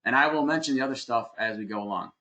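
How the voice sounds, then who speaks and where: A man's voice: medium pitch, fast talker, pushed and bright. A man presenting an online webinar lecture, plainspoken and emphatic, explaining things step by step with some fillers, on a computer mic. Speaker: webinar presenter on heating and cooling design.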